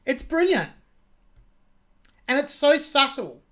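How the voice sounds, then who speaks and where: A woman's voice: high voice, very animated, takes it slowly. A woman with an Australian accent hosting a song reaction, talking through a singer's technique with open admiration. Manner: admiring, analytical about vocal technique. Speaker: music reaction host.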